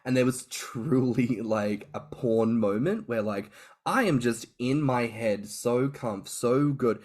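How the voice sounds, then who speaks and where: A man co-hosting a podcast, telling stories in an animated way, swearing and laughing freely. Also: medium pitch, slow pace. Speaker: podcast co-host. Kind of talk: casual podcast chat.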